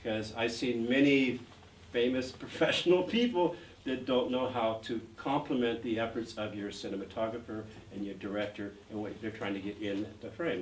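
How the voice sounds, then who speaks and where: A man in his sixties, an actor guest telling stories in an interview, rambling with lots of "uh" fillers. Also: medium pitch. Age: 60s. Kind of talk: anecdotal interview storytelling. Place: art gallery event. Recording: roomy, distant mic, faint noise.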